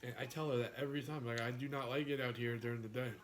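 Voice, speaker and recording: A man's voice: medium pitch, fairly even intonation, very fast, slight background noise. Easygoing man from New York, chatting while eating. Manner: easygoing, musing, trails off and restarts. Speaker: food vlogger. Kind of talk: casual chat while eating.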